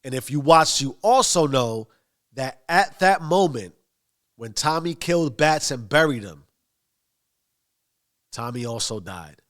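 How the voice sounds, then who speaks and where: A man's voice: mid-range voice, animated, a little slow, pauses often, a bit bright. Male motivational speaker, mid-range voice, emphatic, stacks phrases. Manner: emphatic, repetitive lists. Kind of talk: motivational monologue.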